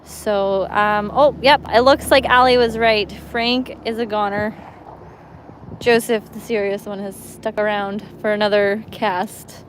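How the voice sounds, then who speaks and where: A woman's voice: medium pitch, steady tone, measured pace, rough recording. Young woman, casual livestream host, chatty and giggly, outdoors by a lake, faint background noise. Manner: chatty and giggly, reads viewer comments. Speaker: fishing livestreamer. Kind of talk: casual live-stream chat. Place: outdoors on a lakeshore.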